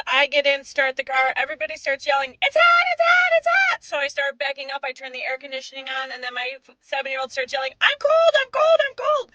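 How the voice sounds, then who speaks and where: A woman in her thirties, a mother telling a comic storytime with wry, exasperated, deadpan asides. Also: sits high, no echo, rough recording.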